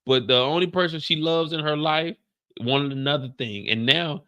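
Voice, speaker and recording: A man recapping a TV finale in casual commentary, acting out the characters in high and low voices. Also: moderate pace, sharp tone, smooth. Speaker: show reviewer.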